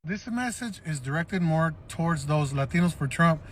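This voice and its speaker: A man speaking to the camera in a measured, disappointed tone, asking viewers for their opinions. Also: a little high, animated, slight background noise. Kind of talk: commentary video addressing viewers.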